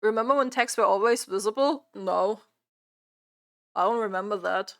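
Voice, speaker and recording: A woman streamer chatting during a live reaction stream, exasperated and repeating her own phrases out loud. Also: medium pitch, moderate pace, gravelly.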